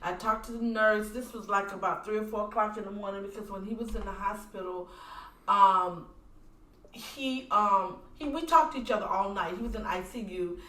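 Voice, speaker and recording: A woman tells a personal story on a podcast in an earnest, animated way and talks about her faith. Her voice sits at a middle pitch for a woman. The sound comes from a distant mic and carries a roomy echo. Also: moderate pace. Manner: animated, acts out voices in quoted dialogue. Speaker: podcast guest, widow.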